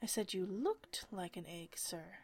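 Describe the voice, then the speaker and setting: Female reader playing a gentle, curious young girl, soft-spoken, storybook. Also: fairly low pitch, animated, a little slow, breathy edge, exaggerated voice. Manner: soft and polite, partly whispered. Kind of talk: storybook reading.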